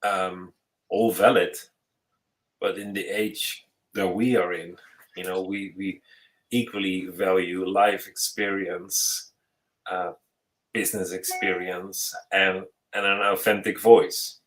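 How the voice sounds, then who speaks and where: A man's voice: low voice, flat delivery, slow, fairly bright tone, low-quality recording. A man hosting a podcast as a futurist, talking in a thoughtful, searching way with frequent restarts. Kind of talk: casual conversational interview.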